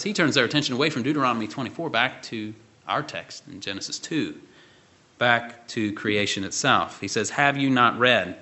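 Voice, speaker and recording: A man preaching a measured sermon, pausing often with fillers. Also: medium pitch, bright, forceful tone. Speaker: pastor. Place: church.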